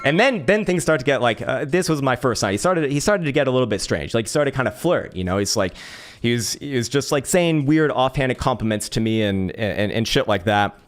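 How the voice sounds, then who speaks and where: A man from San Francisco hosts his channel and tells a personal story in a relaxed, casual way. He swears freely, stumbles into repeated words and breaks into laughter often. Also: medium pitch, a little fast. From San Francisco, USA.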